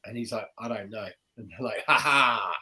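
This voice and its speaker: A man's voice: fairly low pitch, moderate pace. A man, a guest magician telling a story in casual podcast chat, acting out the voices of the people in it. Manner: animated, acts out the voices of people in his stories.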